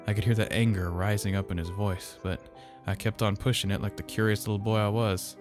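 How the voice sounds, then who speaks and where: Low voiced guy reading a creepy story, slow and somber. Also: steady tone, over music. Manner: slow, measured, somber telling. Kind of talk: horror story narration.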